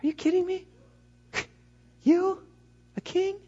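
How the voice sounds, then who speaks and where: A man's voice: very high-pitched, little pitch movement, takes it slowly, mellow, muffled recording, pitched above the performer's own voice. A man putting on a sneering, scoffing governor. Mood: sarcastic mocking. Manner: sarcastic, mocking, laughing scornfully. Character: scoffing, incredulous Roman governor, adult man.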